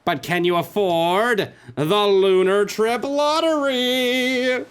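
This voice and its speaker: A let's-play streamer putting on a pushy, cheesy advert salesman for a moon trip, with an overblown singsong pitch. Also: slow, clear, resonant tone, soft background music, lightly acted. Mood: salesy.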